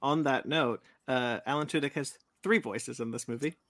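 A man's voice: medium pitch, moderate pace, fairly bright tone. A man co-hosting a podcast, going through his notes on a film with short, agreeable remarks. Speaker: podcast co-host. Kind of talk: casual film discussion.

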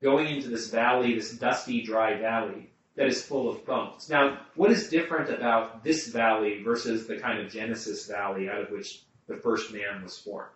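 A man's voice: on the low side, moderate pace, few pauses, a bit bright. A man leading a group Bible study, thinking aloud with restarts and putting questions to the people around him. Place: room with a small group. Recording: muffled, echoey room, mic far off.

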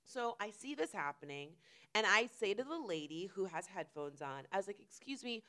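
A young woman who writes comedy, telling an animated story in casual chat and swearing freely. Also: mid-range voice, normal speed. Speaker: late-night comedy writer.

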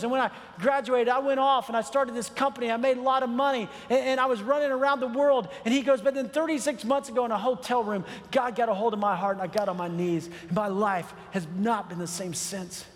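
A man's voice: extremely high pitch, steady tone, quick pace, hardly any pauses. A middle-aged man pastor telling a personal story in a sermon, earnest and building to emphatic preaching. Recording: long hall reverb.

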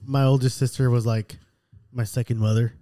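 A man with a dark, mellow voice at mid pitch, chiming in wryly during casual chat. He often teases with quick questions. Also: little pitch movement. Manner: wry, chimes in with teasing questions.

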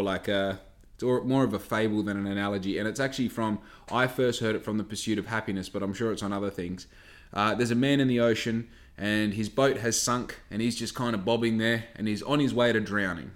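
A man, rambling and swearing through a casual podcast monologue. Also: lowish voice. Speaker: podcast host.

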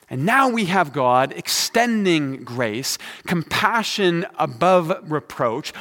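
A man's voice: a little high, a bit bright. A middle-aged male pastor giving a sermon, conversational and storytelling, with dry humor. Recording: long hall reverb.

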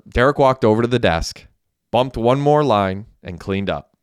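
A man reading a novel aloud in an even, steady storytelling manner. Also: mid-range voice, moderate pace, smooth, no echo, clean studio sound. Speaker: narrator. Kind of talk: audiobook narration.

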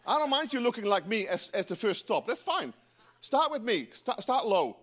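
A middle-aged man preaching a sermon in church, animated and breaking into joking asides to the congregation. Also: sits high, normal speed. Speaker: pastor.

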